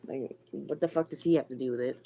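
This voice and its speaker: A woman's voice: a bass voice, quick pace, mellow, slight background noise. A woman livestreamer ranting to her chat, blunt and irritated, swearing a lot and answering viewers by name. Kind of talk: live stream chat rant.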